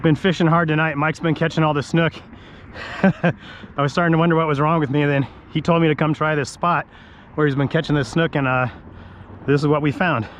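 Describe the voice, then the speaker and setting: A man filming himself from a kayak at night, excitedly commenting while fighting big fish, on a head-mounted camera. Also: on the high side, a little fast, muffled recording, slight background noise. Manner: excitable, exclaiming, shaky with excitement. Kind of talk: live fishing commentary.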